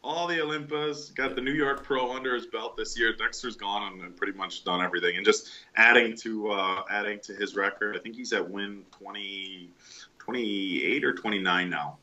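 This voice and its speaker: A man's voice: lowish voice, normal speed, sharp tone, muffled recording. A man co-hosting a podcast in casual chat, with sentences that often trail off. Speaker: podcast co-host.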